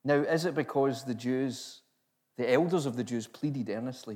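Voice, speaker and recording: A man's voice: medium pitch, moderate pace, darkish tone. A man preaching a sermon, building emphasis through repeated rhetorical questions.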